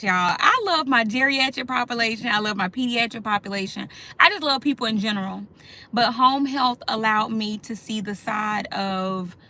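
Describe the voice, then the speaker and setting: A woman's voice: mid-range voice, pushed and bright. A middle-aged woman hosting a casual talk, speaking heartfelt and personal and calling her listeners "y'all". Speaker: host.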